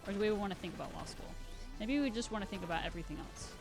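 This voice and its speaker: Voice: mid-range voice, expressive, racing, over music. A live streamer in casual gaming stream chat, rambling and self-deprecating with giggly asides.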